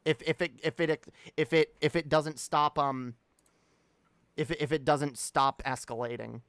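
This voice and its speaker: A man's voice: fairly high pitch, steady tone, a little slow, fairly bright tone, clear, resonant tone, dry recording. A man streaming, ranting heatedly and swearing a lot. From Canada. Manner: heated, profane, repetitive. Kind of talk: ranting livestream talk.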